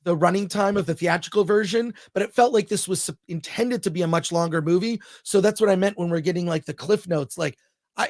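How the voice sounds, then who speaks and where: A man hosting a film review show, chatting casually and excitedly, rambling as he thinks aloud. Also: sits high, brisk, no echo, studio quality.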